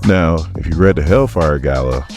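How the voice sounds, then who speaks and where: A man's voice: extremely low pitch, expressive, normal speed, darkish tone, soft background music. A man hosting a casual comic book recap vlog, chatty and jokey, acting out the characters' lines as he goes. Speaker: comic book reviewer and channel host.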